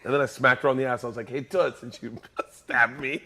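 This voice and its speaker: Goofy storytelling man, mid-pitched voice. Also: steady tone, quick pace, bright, forceful tone. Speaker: podcast co-host. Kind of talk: casual comedic chat.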